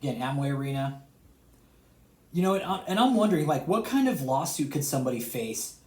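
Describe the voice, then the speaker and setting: A man giving a heated, profane rant to his subscribers as an online commentator. He swears constantly, repeats himself, and swings between loud outbursts and low sarcastic asides. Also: very animated, fairly quick. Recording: roomy echo.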